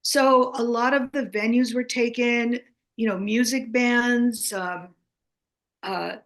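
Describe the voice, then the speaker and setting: An American woman in her seventies tells a story as a guest author. Her voice sits a little high, and she talks in an animated, chatty way. She keeps checking in with her listener by asking "okay?". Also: slow pace. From United States.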